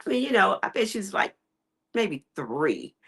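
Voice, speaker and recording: A woman's voice: medium pitch, sing-song, moderate pace, gravelly, fairly bright tone. A woman pastor preaching a sermon to an online congregation, telling a story with animation and repeating phrases for emphasis. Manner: addresses online congregation directly.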